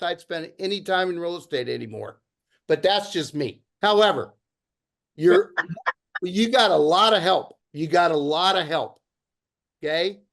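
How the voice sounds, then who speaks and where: A middle-aged man hosting a video-call meeting, speaking in an enthusiastic, motivational way. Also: high voice. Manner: enthusiastic, pep-talk delivery. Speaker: meeting host.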